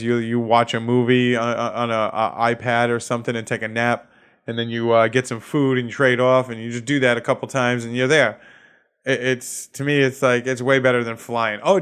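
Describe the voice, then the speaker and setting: A man's voice: mid-range voice, a bit bright, clear, resonant tone. A man with a Boston accent, a comedian hosting his own podcast, ranting casually and swearing a lot while laughing at his own jokes. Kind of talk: solo comedic podcast rant.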